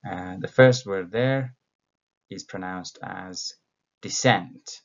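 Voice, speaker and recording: A man with a very low, gravelly voice teaches English vocabulary at an unhurried pace. He is from Ethiopia and talks patiently, pausing on fillers and correcting himself as he goes. The recording sounds dull and lo-fi. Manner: slow, patient, with many fillers and self-corrections.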